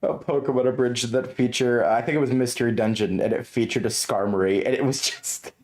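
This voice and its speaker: A man's voice: medium pitch, steady tone, brisk, a little mellow. A man playing in a tabletop game, chatting casually and laughing often as he rambles. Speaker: player.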